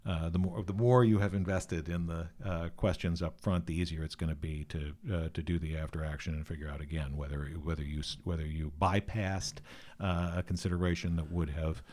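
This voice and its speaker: A man's voice: low voice, steady tone, a little fast, darkish tone. A man speaking as a podcast guest, thoughtful and hesitant, with many fillers and restarts. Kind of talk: conversational interview.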